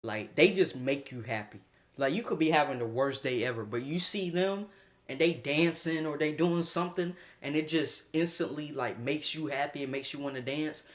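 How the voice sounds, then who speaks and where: A young man streaming a casual storytime, slangy and animated, laughing often as he talks. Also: on the high side, moderate pace.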